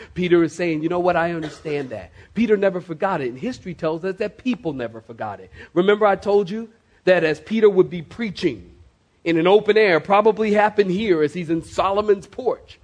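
A male pastor, preaching a sermon to his congregation with emphatic, slowly stressed words. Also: sits high. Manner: emphatic, dramatic slow stresses, addresses the congregation. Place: church before a congregation.

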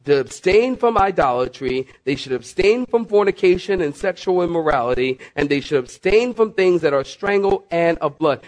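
A middle-aged male pastor preaches with an emphatic, pressing delivery. He keeps calling on his listeners and swings between quick runs and slow, stressed words. His voice sits fairly high for a man. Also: animated. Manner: emphatic, repeats "listen" and "saints", varies pace sharply. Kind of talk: sermon.

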